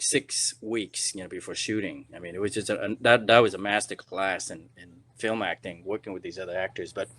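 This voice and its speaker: Low-voiced man telling a rambling story. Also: a bit bright, dry recording. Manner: rambling, many restarts and "you know"s. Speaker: actor and podcast guest. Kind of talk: casual storytelling interview.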